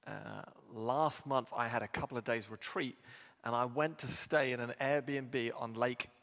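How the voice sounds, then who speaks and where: A man delivers a sermon in a measured, storytelling manner. His voice sits at a middle pitch for a man. It carries the long reverb of a church hall. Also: steady tone, gravelly, a bit bright. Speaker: preacher.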